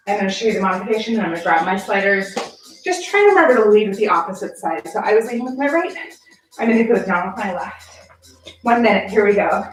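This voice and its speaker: A woman leading a barre workout class, out of breath from exercising and counting reps aloud with short encouraging cues. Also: mid-range voice. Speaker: barre fitness instructor. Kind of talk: guided workout class cueing. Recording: echoey room, distant mic, faint background music.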